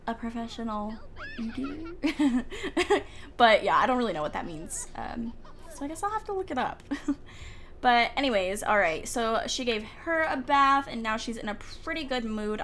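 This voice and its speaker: A young woman playing a life-sim game at home commentates casually for her YouTube audience, giggling, chatting and addressing her characters. Her fairly high voice sounds pushed and bright, with a little hiss or hum and faint outdoor ambience from an open window.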